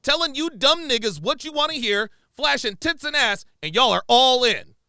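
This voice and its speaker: A man's voice: very high voice, animated, moderate pace, pushed and bright, clear, resonant tone, no room sound, clean studio sound. A man giving heated, profane, sarcastic reaction commentary as the show's host.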